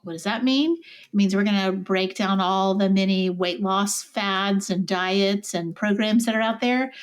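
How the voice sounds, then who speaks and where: A woman's voice: medium pitch, a little slow, clear, resonant tone. A woman with a slight Southern accent co-hosting a podcast in casual, chatty talk, laughing often and poking fun at herself. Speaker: podcast co-host.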